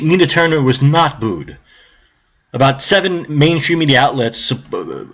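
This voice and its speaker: A man ranting on his own live stream, heavy with sarcasm and swearing. His voice sits a touch high and swings all over the place as he mocks the people he talks about. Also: a bit bright, slightly rough. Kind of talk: political rant.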